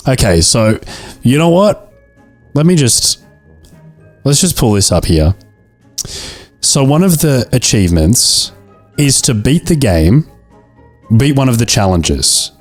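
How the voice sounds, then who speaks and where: A man's voice: mid-range voice, big pitch swings, slow, pauses often. A young man giving let's-play commentary, jokey and mock-dramatic about his own failures, with faint game music behind him. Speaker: gaming video creator.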